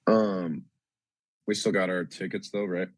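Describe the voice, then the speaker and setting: A man's voice: sits low, fairly even intonation, unhurried, no echo. A man playing a tabletop game, laid-back and chatting casually at the table. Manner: laid-back, short reactions. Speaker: player.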